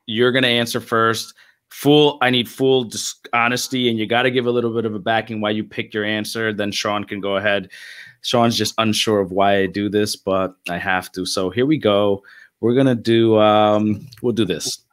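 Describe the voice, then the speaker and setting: A man's voice: fairly low pitch, steady tone, normal speed, a bit bright, clear, resonant tone. A man hosting a dads' podcast, chatting casually and asking playful questions. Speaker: podcast host.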